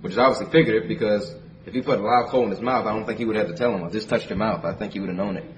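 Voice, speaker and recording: A man's voice: fairly low pitch, fairly even intonation, racing. A man delivers a sermon, reading scripture and explaining it in a plain, conversational way. He leans on repeated phrases for emphasis. The mic sits far from him, and a faint background hiss runs underneath. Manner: reads scripture in King James wording, then explains it conversationally. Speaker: preacher.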